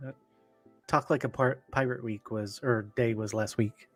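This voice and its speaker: A man's voice: medium pitch, fairly even intonation, normal speed, dry recording, soft background music. A man co-hosting a podcast, talking casually with a dry, teasing humor. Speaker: podcast co-host. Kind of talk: casual chat.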